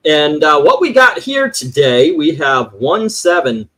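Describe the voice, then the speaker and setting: A man's voice: fairly high pitch, very animated, a little slow, sharp tone, rough recording. A man hosting a casual livestream chat, reading viewer comments and scores aloud with many fillers. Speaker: host.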